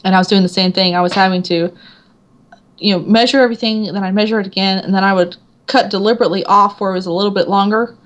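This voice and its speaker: Speaking fast at a medium pitch, with a little hiss or hum in the audio, this woman is an author guest in an interview. Her talk is casual and lively, full of acted-out quotes and frequent laughter.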